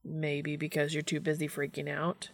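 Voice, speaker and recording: A woman voicing a teasing, affectionate young man as she reads a story aloud, gently wry. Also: deep voice, completely flat delivery, normal speed, gravelly, dry recording, studio quality. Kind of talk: audiobook fiction reading.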